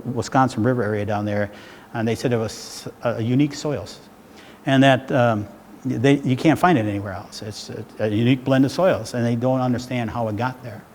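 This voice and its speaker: A man's voice: mid-range voice, a little mellow. Middle-aged man telling stories in a hall. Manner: loose, conversational, asks "right?" often. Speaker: speaker giving a public talk. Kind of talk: rambling spoken storytelling. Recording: hall reverb with faint background noise.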